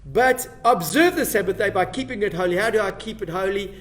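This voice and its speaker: High-voiced man teaching a Bible class. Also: a little fast, a bit bright. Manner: emphatic, asks the class questions. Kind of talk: Bible lesson to a live class.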